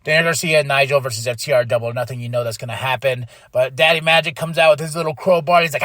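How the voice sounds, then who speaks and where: A man hosting a podcast, recapping wrestling in casual talk and acting out quoted lines in quick mock voices. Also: medium pitch, steady tone, fairly bright tone, no echo, clean studio sound. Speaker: podcast host.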